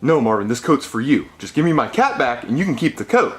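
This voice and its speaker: A man's voice: medium pitch, big pitch swings, quick pace, lightly acted. A man voicing a wealthy, oblivious cat owner in a puppet comedy. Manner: cheerful, oblivious, talks about money. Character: rich, clueless male cat owner. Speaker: puppet character.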